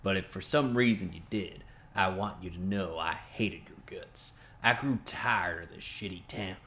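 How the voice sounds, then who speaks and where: A man's voice: sits low, measured pace, a little hiss or hum, full character voice. A man voicing a bitter rural man reading out his farewell note, in a put-on Southern drawl. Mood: spiteful. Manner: loud, drawling and spiteful.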